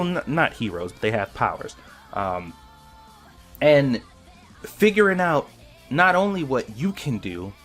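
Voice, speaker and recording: A man talks through an anime episode in a loose, excited ramble, circling back and restarting his thoughts as he goes. His pitch sits in an ordinary middle range. Soft music plays faintly underneath. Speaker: anime reaction vlogger. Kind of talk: casual reaction commentary.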